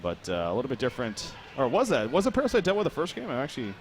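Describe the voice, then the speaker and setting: A man's voice: mid-range voice, huge pitch swings, rapid-fire, slight background noise. A young man casting an esports match live, chatty and joking, often restarting his sentences. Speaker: esports caster. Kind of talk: live game commentary.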